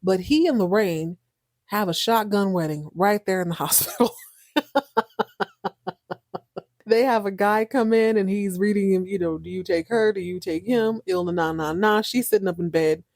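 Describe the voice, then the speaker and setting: Animated, slangy woman recapping a soap. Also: mid-range voice, dry recording, studio quality. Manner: animated, slangy, laughing storyteller. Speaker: podcast host. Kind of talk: casual soap opera recap.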